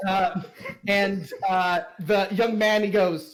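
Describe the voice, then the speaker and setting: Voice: mid-range voice, fairly even intonation, slow pace. A game master describes a tavern scene for the players. The talk is loose and rambling, full of fillers and restarts. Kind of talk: narrating a tabletop game.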